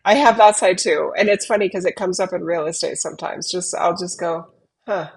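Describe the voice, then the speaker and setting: A middle-aged woman chatting on a podcast with a gravelly edge and a husky, breathy tone. She talks playfully and laughs often. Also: lowish voice, fairly even intonation, fairly quick, low-quality recording. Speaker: podcast guest. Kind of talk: casual chat.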